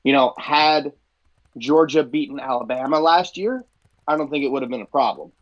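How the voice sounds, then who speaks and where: A man's voice: medium pitch, moderate pace, muffled recording. A man co-hosting a sports talk show, arguing back with hedges and lots of "I mean.". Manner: hedging, full of "I mean". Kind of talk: sports debate.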